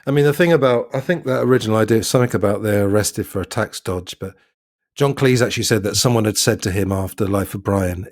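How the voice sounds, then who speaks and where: A man's voice: lowish voice, fast talker, no echo, studio quality. A man hosting a podcast, casually talking through a film in a musing, slightly hesitant way. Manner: leads the talk, musing and a bit hesitant. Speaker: podcast host.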